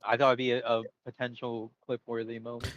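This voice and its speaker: A man's voice: mid-range voice, completely flat delivery, fairly quick, a bit bright, no echo, lo-fi sound. Playful male player, dry close sound. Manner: playful, jokey. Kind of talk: tabletop role-play chat.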